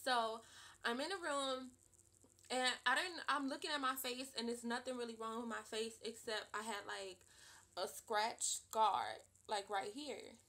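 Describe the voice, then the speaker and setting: A young woman in her twenties tells a story in a casual vlog, with a bright, forceful tone. She sits a little high in pitch and speaks in an animated, emphatic way, padding her lines with repeated fillers. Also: measured pace. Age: 20s. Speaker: vlogger.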